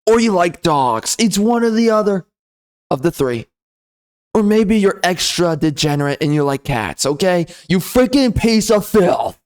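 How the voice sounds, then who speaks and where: Sneering, ranting man, high-pitched. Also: expressive, measured pace, clear, resonant tone. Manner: loud, sneering, profane. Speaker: game reviewer. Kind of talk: ranting comedy commentary.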